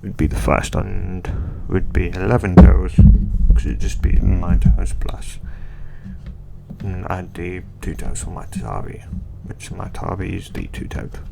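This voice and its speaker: A man's voice: low voice, unhurried, vocal fry, very noisy. A man rambling casually about a fan theory, hesitant and full of restarts. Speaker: fan video creator.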